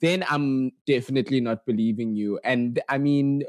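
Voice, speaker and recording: A South African woman co-hosting a podcast, giving measured opinions in casual chat. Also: very deep voice, darkish tone, dry recording. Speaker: podcast co-host.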